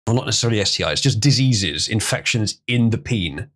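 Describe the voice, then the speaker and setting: A man's voice: on the low side, animated, a little fast, fairly bright tone. A man hosting a livestream, reading an article aloud and breaking in with sarcastic, crude remarks. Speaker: livestream host.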